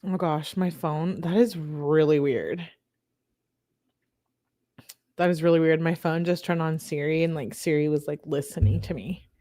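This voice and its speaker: A woman's voice: low voice, steady tone, moderate pace, warm tone. A young woman reading text messages aloud in casual commentary, chatty and giggly, joking between readings. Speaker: true-crime commentator reading texts aloud.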